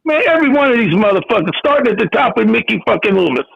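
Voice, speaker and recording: A man's voice: sits high, big pitch swings, racing, creaky. A man calling a sports show by phone, profane and despairing. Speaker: caller. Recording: muffled phone line.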